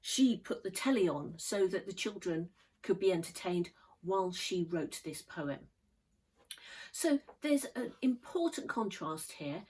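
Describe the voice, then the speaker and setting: A woman teacher giving a measured, thoughtful poetry lesson. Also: lowish voice, a little mellow, slightly rough, poor audio. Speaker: English literature teacher.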